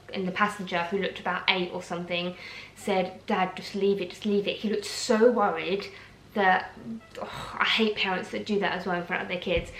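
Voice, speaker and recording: A woman's voice: medium pitch, fairly bright tone, reverberant, a little hiss or hum, low-quality recording. A young woman from Essex with an Essex accent, ranting casually to camera in heated bursts. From England, Essex. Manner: heated, talks in bursts with restarts. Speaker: vlogger.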